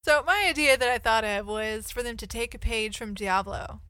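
A woman co-hosts a casual podcast, talking through her ideas at length. Her voice is bright and slightly high. It sounds dry and close. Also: normal speed, no echo. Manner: chatty, explains ideas at length. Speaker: podcast co-host. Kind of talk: casual chat.

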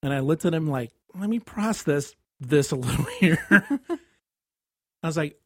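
A man with a husky, slightly breathy voice spins a long anecdote, chuckling through it and pushing his voice up as the story peaks. The recording is dry and close, with no room sound. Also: on the high side, normal speed, dry recording. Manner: animated, laughs often mid-story. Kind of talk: casual chat, anecdotal storytelling.

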